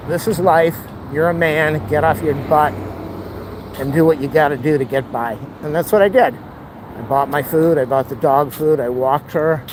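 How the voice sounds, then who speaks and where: A man talks into his camera while walking up a hill outdoors, out of breath and overheated, with a slightly high voice. He rambles and exclaims often in a casual vlog, with clear street and traffic noise behind him. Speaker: vlogger. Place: outdoors on a city street near an airport. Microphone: camera held while walking.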